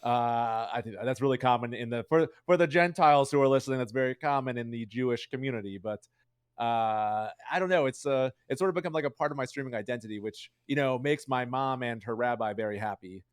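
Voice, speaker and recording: As an interview guest, a young streamer chats loosely and quickly, rambling with lots of fillers in a clean, medium-pitched voice. The audio is studio quality with no room sound.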